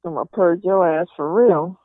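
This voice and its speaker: A woman's voice: fairly low pitch, fairly even intonation, moderate pace, no echo, phone-quality sound. A woman co-hosting a live talk show, talking casually in a laid-back drawl. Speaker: radio co-host.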